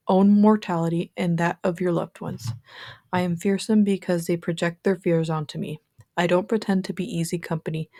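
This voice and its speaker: An ancient crone with a raspy, low voice, gruff at heart but grandmotherly, as a woman reads her aloud. She speaks in solemn, proclaiming tones with a soft, mellow warmth. A storybook witch of great age and wisdom. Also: no room sound, studio quality, lightly acted.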